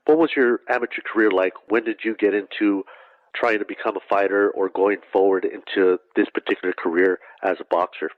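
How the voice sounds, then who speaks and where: A male host asks his questions in a relaxed manner, padding them with fillers. His voice sits somewhat low. The recording is dry and dull, with a muffled lo-fi quality. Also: fairly quick, dry recording. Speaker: interviewer, host. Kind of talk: interview questions.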